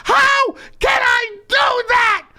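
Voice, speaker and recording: A man's voice: expressive, a little slow, smooth, heavily acted. A man voicing a fretful, indignant older wife in an improvised comedy sketch. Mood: shrill protest. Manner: shrill, indignant, rising to shouts.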